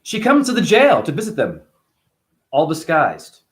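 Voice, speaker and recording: A man hosting a casual spiritual monologue, animated and profane, full of rhetorical questions. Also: on the high side, measured pace. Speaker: host.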